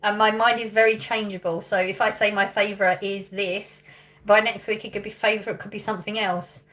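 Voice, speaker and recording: A woman's voice: medium pitch, little pitch movement, brisk, a bit bright. A woman in her thirties from England, chatting casually on a livestream, reading out viewer questions, thinking aloud and laughing often. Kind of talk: casual live chat.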